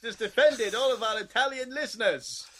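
A man's voice: very high-pitched, normal speed, crowd noise. A young man co-hosting a podcast, trading dry, joking banter in casual chat. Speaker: podcast co-host.

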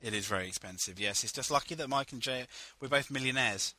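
A man's voice: medium pitch, quick pace, pushed and bright, no echo. A young man co-hosting a podcast in casual, rambling chat, laughing often. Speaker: podcast co-host.

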